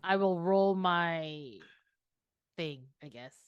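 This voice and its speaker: A woman's voice: lowish voice, slow pace, clear, resonant tone, no room sound, highs cut off. A woman playing in an online tabletop game, playful and a bit hesitant. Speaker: player. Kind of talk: casual tabletop game chat.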